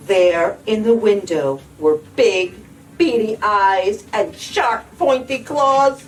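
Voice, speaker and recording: Librarian lady reading a kids story aloud, sing-song and slow, mic far away. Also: medium pitch, soft background music. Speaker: children's librarian. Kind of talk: storybook read-aloud for children.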